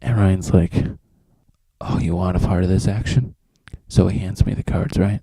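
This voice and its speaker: A man's voice: low-pitched, steady tone, moderate pace, mellow, husky, no echo. A teenage man telling a rambling, profane story in a casual vlog, acting out his friends' lines.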